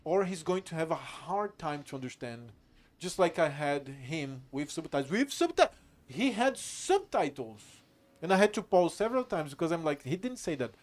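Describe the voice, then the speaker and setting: Man, higher pitch, livestream commentary, argumentative, profane. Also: sing-song, moderate pace. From Brazil. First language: Brazilian Portuguese. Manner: argumentative, profane, answering chat. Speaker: gaming streamer.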